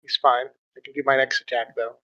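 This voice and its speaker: A man's voice: mid-range voice, little pitch movement, brisk, bright, forceful tone, dry recording, low-quality recording. A man playing an online tabletop game, unsure and asking how to work the controls. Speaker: player.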